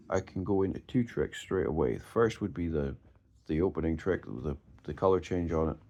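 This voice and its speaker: A man's voice: low voice, creaky, darkish tone, dull audio. A man giving an emphatic, direct casual talk on performing magic, often restarting his words. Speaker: mentalist discussing magic performance. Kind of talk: casual instructional monologue.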